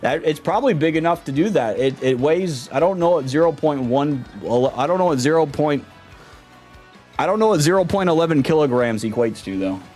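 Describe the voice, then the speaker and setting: Chill streamer dude, slangy, thanking chat, faint game music under him. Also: male voice, fairly high pitch, animated, a little fast, a little mellow. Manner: laid-back, slangy, greeting chat by name. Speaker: livestreamer. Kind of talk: casual live-stream chat.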